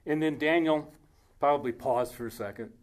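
A man preaching a casual sermon, reading scripture aloud slowly and breaking off into joking asides. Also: on the high side.

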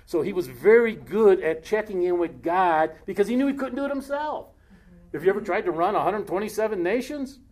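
A man preaching a casual sermon, reading scripture aloud slowly and breaking off into joking asides. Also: sits high, animated, a little mellow.

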